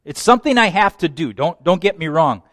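A man preaching a sermon, swinging from hushed, low passages to loud, urgent ones. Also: expressive, brisk, no room sound, studio quality. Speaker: pastor.

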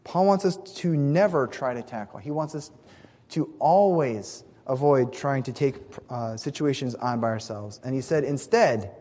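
A man's voice: mid-range voice, moderate pace, dark tone. A man preaching a sermon in an earnest, emphatic way, stressing key words and sometimes restarting a phrase. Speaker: pastor. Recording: long hall reverb.

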